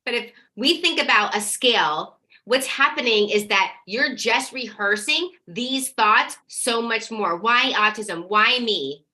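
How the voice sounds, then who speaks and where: Bright, energetic woman hosting a workshop. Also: fairly high pitch, measured pace, hardly any pauses. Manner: energetic, reads chat comments aloud and affirms them. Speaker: workshop host. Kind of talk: live-streamed coaching workshop.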